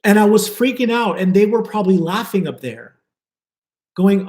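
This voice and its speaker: High-voiced man giving an earnest spiritual talk. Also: animated, moderate pace, darkish tone, roomy sound. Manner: earnest, flowing, repeats for emphasis. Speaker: spiritual teacher. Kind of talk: live spiritual talk to viewers.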